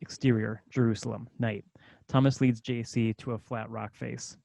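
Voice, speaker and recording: Gravelly man reading stage directions. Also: mid-range voice, level tone, normal speed, a little mellow, dry recording. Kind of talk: scripted screenplay narration.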